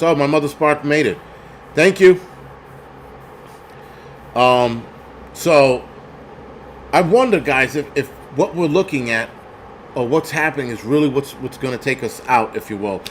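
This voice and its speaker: A man hosting a livestream, telling a story in a profane, animated rant and thanking viewers. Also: medium pitch, a little hiss or hum. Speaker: host.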